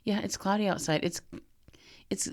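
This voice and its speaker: A woman's voice: medium pitch, normal speed, a little mellow. A woman co-hosting a casual faith podcast, her voice a little off from a lingering cough, chatty with frequent fillers. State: recovering from bronchitis, slightly off voice. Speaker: podcast co-host.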